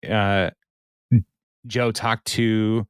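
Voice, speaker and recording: A man's voice: lowish voice, level tone, drawn-out words, smooth, dry recording, studio quality. A man co-hosting a podcast, casually recapping a TV episode with lots of fillers and laughs. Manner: rambling, many fillers, laughs often. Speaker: podcast co-host.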